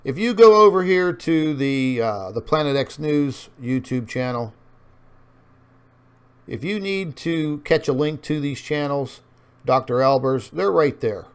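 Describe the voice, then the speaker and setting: A somewhat high, animated male voice, clear and resonant, delivered at a measured pace. Hosting an online show, he casually talks viewers, whom he calls folks, through on-screen maps, rambling and using plenty of fillers.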